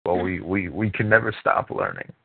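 A man's voice: deep voice, normal speed, vocal fry, slightly rough. A man hosting a radio call-in show who talks in casual chat and keeps repeating and restarting his words. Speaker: radio talk show host. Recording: tinny phone-line sound.

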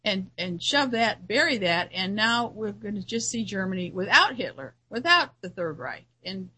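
A woman hosting her own radio program delivers a long solo commentary. Her voice is husky and a little breathy, sitting at an ordinary pitch for a woman. She talks in an earnest, musing way, circling back and restarting phrases as she works through her points. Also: big pitch swings, normal speed, sharp tone, rough recording. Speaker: radio show host.

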